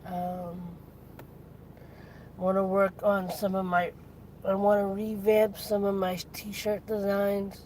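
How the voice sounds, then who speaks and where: Female vlogger, tired and foggy, slow unhurried delivery, faint hiss behind. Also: medium pitch, monotone, a little mellow, poor audio. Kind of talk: casual weekly update vlog.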